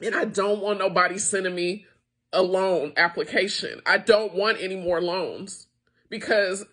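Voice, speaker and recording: Frustrated American woman, small-business owner, bright tense voice, raw vlog rant. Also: mid-range voice, fairly even intonation, measured pace. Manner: upset, frustrated, venting with profanity. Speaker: wine tasting room owner. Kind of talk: emotional direct-to-camera rant.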